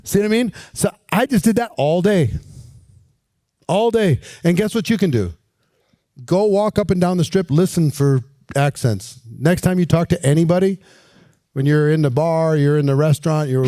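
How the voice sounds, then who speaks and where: A man giving a casual coaching lesson on recruiting while walking around, energetic and persuasive, often asking rhetorical questions. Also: a little high, moderate pace, no room sound.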